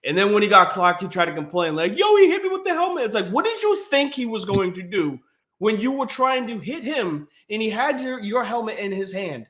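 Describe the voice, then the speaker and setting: A man co-hosting a casual sports podcast, telling stories with lots of energy, acting out quotes and laughing as he goes. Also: moderate pace. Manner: animated storytelling, acts out quotes in a high voice, laughs often. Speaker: podcast co-host.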